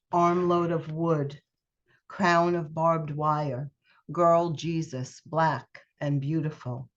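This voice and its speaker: Low-voiced woman reading poetry. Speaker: poet. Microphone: video call. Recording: muffled video call audio.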